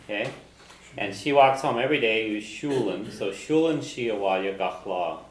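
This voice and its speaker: A man teaching a language class, patiently drilling phrases slowly so students can repeat them. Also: fairly low pitch, roomy sound, crowd noise, low-quality recording.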